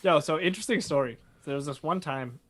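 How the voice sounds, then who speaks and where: A man's voice: on the high side, fast. A man co-hosting a podcast, telling a story with lots of swearing and acted-out voices. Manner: animated, swears a lot, acts out voices in stories. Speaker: podcast co-host. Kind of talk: casual storytelling.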